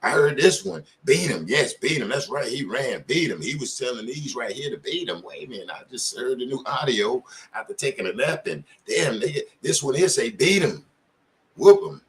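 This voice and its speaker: A man's voice: medium pitch, animated, a little fast, hardly any pauses, fairly bright tone. Impassioned middle-aged man, host. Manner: impassioned, asks many pointed questions; informal street talk. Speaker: channel host. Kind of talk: casual commentary to camera.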